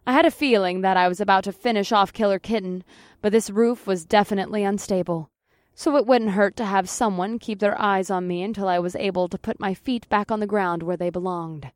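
A woman reading a first-person audiobook at a mid pitch, steady and matter-of-fact, with the odd curse dropped in. The recording is dry and close. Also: a little fast, dry recording. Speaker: audiobook narrator. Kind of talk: first-person scripted narration.

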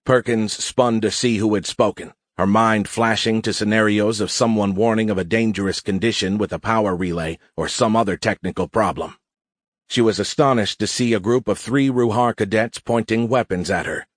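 A man reading a science fiction audiobook as narrator, in steady, even storytelling. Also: on the low side, moderate pace, dry recording, studio quality. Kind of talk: scripted narration.

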